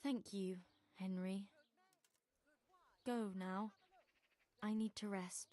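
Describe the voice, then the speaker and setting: A woman's voice: medium pitch, steady tone, takes it slowly, dark tone, natural voice. A woman voicing a devout, obstinate young peasant woman who believes she has seen visions, speaking earnestly in a video game. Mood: weary.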